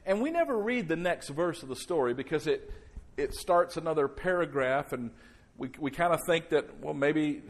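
Soft-and-loud preaching male pastor. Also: on the high side, animated. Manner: slows down and drops soft for emphasis, then rises loud. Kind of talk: sermon. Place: church service before a congregation.

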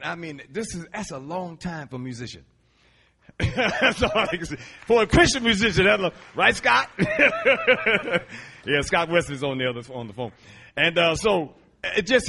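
A middle-aged man, a Christian musician, preaching in a lively storytelling way, laughing often and stretching words for emphasis, with a husky voice. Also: on the high side. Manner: animated, laughing, drawn-out emphasis. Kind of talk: storytelling sermon.

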